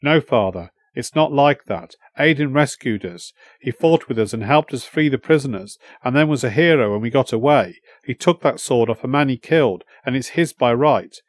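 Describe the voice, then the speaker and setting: A man's voice: mid-range voice, moderate pace, few pauses, dry recording, natural voice. A man voicing an earnest, determined young soldier speaking to his father, in a dry recording. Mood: firm. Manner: earnest, steady pleading.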